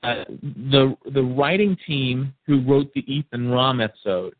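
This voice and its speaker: A man's voice: mid-range voice, a little slow, no echo. A man hosting a call-in discussion, rambling and repeating words as he thinks. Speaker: call-in show host. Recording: tinny phone-like line.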